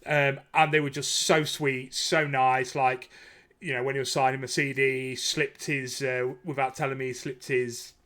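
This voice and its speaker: A man's voice: mid-range voice, level tone, normal speed, sharp tone. A man, chatting casually as a podcast host and rambling enthusiastically. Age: 30s. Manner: rambling and enthusiastic, with frequent fillers and laughs. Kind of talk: casual chat.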